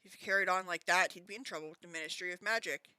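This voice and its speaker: A Canadian woman hosting a casual book club stream, reading a novel aloud in a lively way. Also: fairly low pitch, racing, smooth, no echo. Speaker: host, reader. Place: home streaming setup.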